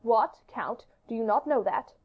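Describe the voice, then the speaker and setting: Woman reading a regal king, brisk and commanding, storybook voice, dull lo-fi sound. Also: fairly high pitch, breathy edge. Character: regal young male king, curious and commanding. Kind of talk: audiobook character reading. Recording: dull lo-fi audiobook recording.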